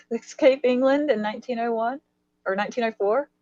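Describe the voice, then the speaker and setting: A woman from the United States hosting a casual live stream chat, curious and quick to laugh. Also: a little high, highs cut off, a crowd in the background. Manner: curious, laughs easily, thinks aloud. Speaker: host.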